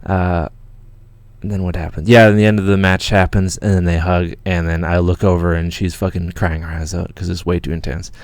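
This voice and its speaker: A man from Canada tells a story on his livestream in a deep, low voice. He rambles, restarts and swears freely as he gets worked up. The sound is dry and close, with no room echo. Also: little pitch movement, fairly quick. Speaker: channel host.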